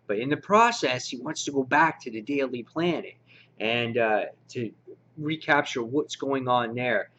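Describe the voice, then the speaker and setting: A man giving a casual, slangy spoken review of a comic book, excitable and quick to act out his own reactions. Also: medium pitch. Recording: dull lo-fi recording.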